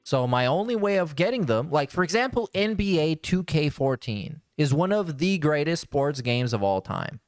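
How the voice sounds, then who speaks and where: A man hosting a podcast gives blunt, sarcastic commentary in a casual way. His voice is smooth and resonant, with lively swings in pitch. The sound is dry and close. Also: normal speed, few pauses, no echo. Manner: blunt, sarcastic, restarts often. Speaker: podcast host. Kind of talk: casual commentary reacting to a clip.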